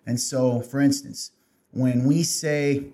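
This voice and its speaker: Co-hosting a casual faith podcast, a man earnestly explains church teaching in conversation and reads scripture aloud. His voice is medium-pitched and dark in tone, slow, with fairly even intonation.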